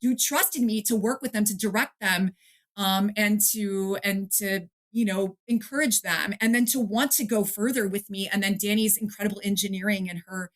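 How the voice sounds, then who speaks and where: A middle-aged woman from the Detroit area, an author chatting in an interview, lively and quick to act out quotes and laugh. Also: medium pitch. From Detroit area, USA. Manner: animated storyteller, acts out quotes, laughs often. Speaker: author and guest. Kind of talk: casual interview chat.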